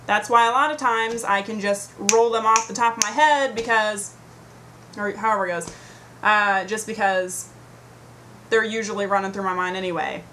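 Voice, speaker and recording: A woman's voice: mid-range voice, steady tone, moderate pace, bright, forceful tone, a little hiss or hum. A woman telling a story to her computer camera at home in a casual, rambling, profane rant. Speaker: vlogger. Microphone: computer webcam mic.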